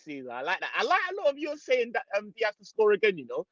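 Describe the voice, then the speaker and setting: A man's voice: high-pitched, big pitch swings, fast, hardly any pauses, no room sound, dull audio. Slangy man chatting live. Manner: slangy, reads out viewer comments, upbeat. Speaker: football channel host. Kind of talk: casual live stream chat.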